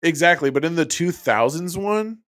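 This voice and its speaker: A man's voice: on the high side, lively intonation, moderate pace, fairly bright tone. A man co-hosting a podcast, chatting casually about films, laid-back and swearing as he argues his view. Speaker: podcast co-host. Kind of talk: casual film review chat.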